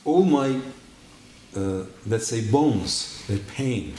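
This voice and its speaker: Animated man telling his story. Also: drawn-out words. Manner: animated storytelling, acting out quotes with big pitch jumps. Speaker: guest giving a testimony. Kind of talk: personal testimony story. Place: church. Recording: echoey church hall, faint noise.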